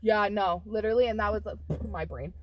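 A woman co-hosts a laid-back podcast, spinning a story full of swearing and acting out the quotes with lots of energy. Her voice sits at a medium pitch and moves briskly, with heavy noise in the background.

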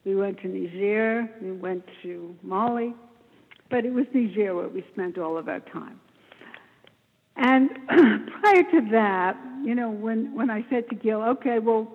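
A woman telling the story of her charity work in an interview, in an animated, emphatic way, often clearing her throat. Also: fairly high pitch. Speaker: interview guest, charity founder. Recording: tinny phone-like line with long reverb.

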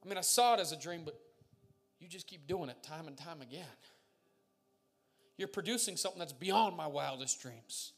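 A man's voice: on the high side, normal speed, long pauses, husky. A man pastor preaching a sermon, emphatic and building to fervent declarations, with jokes and laughter while he tells stories.

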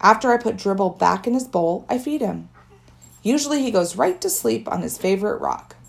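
A woman narrates a children's book in the first person with lively, expressive storytelling. Her pitch rises and falls a great deal. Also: normal speed, vocal fry. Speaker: audiobook narrator.

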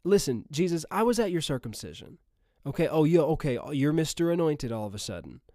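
A man's voice: a little high, very animated, fairly quick, warm tone, dry recording, studio quality. A man voicing a scoffing hometown man who mocks with sarcasm, as a preacher acts out the crowd. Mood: sneering. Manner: mocking, sarcastic.

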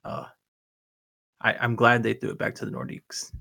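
A man's voice: medium pitch, moderate pace, vocal fry, sharp tone, husky. A man co-hosting a casual sports chat, rambling and enthusiastic with lots of stammered restarts. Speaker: podcast co-host.

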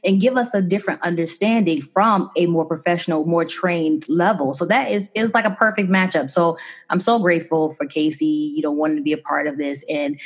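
A woman hosts a casual podcast about love, talking in a bubbly, chatty way and laughing often. Her voice sits a little low for a woman. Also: fairly quick, husky. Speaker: podcast host.

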